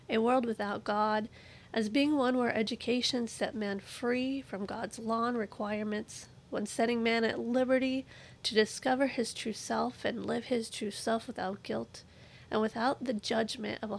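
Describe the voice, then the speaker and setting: A woman narrating a scripted lecture in a measured, prepared reading. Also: on the high side, vocal fry, rough recording.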